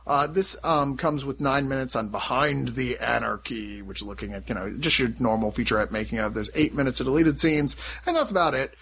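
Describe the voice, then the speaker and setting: A man's voice: mid-range voice, brisk, gravelly, few pauses, a bit bright, husky. A man hosting a casual film review podcast, rambling and laughing often, swearing freely. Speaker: podcast host reviewing films. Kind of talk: casual chat.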